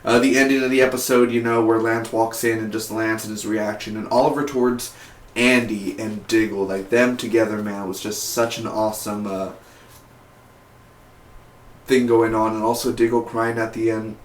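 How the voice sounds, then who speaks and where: A young man giving a casual vlog review of a TV episode in an excitable, slangy way, peppered with "man" and "dude". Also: lowish voice, normal speed. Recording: roomy echo.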